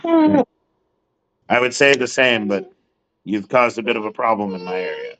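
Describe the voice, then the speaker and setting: A man's voice: lowish voice, wildly swooping pitch, measured pace, noisy background. A man voicing a huge, stern jarl who rules a city and talks bluntly and commandingly. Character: huge stern male jarl, a city's ruler.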